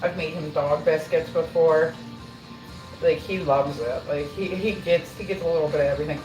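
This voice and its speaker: A middle-aged woman hosts a livestream from her home kitchen, chatting casually and swearing freely as she bakes. Her voice is low, steady and a little mellow at a moderate pace, picked up by a distant mic in a roomy echo with music playing.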